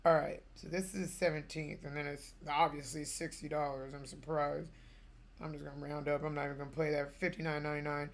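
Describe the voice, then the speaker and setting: A young woman streaming games, telling a family story in a casual, animated way with bursts of laughter. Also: low voice, brisk. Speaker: gaming streamer.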